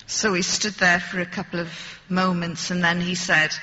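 A woman's voice: fairly low pitch, steady tone, normal speed, hardly any pauses, sharp tone, long reverb tail, dull audio. A woman telling a story to an audience with dry, wry humor. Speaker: speaker addressing an audience. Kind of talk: storytelling talk.

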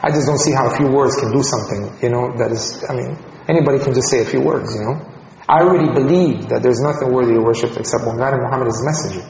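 A man's voice: medium pitch, quick pace, creaky, darkish tone, slight background noise. A man from Colombia telling his personal conversion story in a conversational way, often repeating words. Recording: echoey hall, dull lo-fi sound.

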